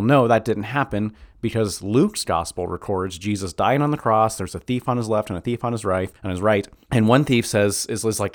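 A man reading scripture aloud and then talking it over loosely in a relaxed, chatty way. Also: lowish voice. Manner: reads scripture slowly, then chats loosely with laughs and slang. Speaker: Bible teacher. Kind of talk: casual Bible study talk.

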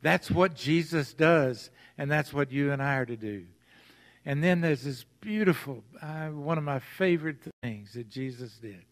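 Slow-preaching man in echoing sanctuary. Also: fairly high pitch. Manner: storytelling, acting out voices of the story. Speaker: pastor. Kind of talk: sermon. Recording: long hall reverb.

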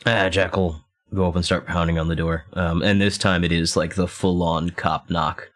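A man's voice: low-pitched, flat delivery, normal speed. A man playing an investigator in a tabletop game, easygoing and hesitant with many fillers. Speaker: player. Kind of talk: casual tabletop play.

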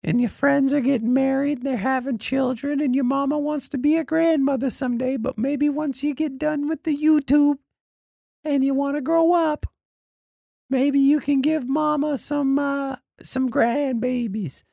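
A man voicing a mother who nags her adult son for grandchildren in a high falsetto. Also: fairly even intonation, unhurried, vocal fry, dark tone, no echo, clean studio sound, full character voice. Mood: nagging.

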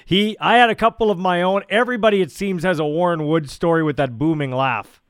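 A man's voice: high voice, a little fast, clean tone, no echo, studio quality. A man hosting an interview, easygoing and prompting his guest with short affirmations. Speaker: interview host. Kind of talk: conversational interview.

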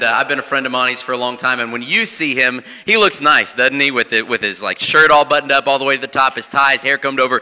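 A man's voice: medium pitch, pushed and bright. A man in his thirties, a guest preacher telling humorous stories in a sermon, talking in a folksy way with fillers and restarts. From Indianapolis area. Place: church sanctuary. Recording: long church hall reverb.

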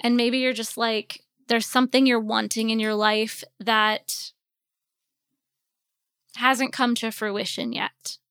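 A woman's voice: a little high, fairly even intonation, slow, fairly bright tone, clear, resonant tone, no echo, clean studio sound. A woman in her forties, a podcast host, telling a personal story in a candid, rambling way, a little sleepy and yawning. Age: 40s. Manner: candid, rambling, with many fillers.

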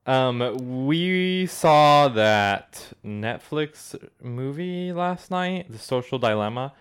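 A man's voice: mid-range voice, animated, drawn-out words, clean tone. A man hosting a casual podcast, ranting satirically in a put-on Southern accent into a close mic. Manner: mock-ranting, over-the-top satirical persona. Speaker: podcast host. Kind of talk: casual comedic podcast chat.

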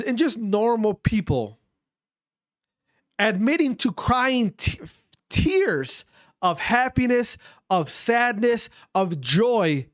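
Slow, animated, blunt ranting voice. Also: mid-range voice. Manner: emphatic, repeats rhetorical questions; blunt, swears for emphasis. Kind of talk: opinion rant to camera.

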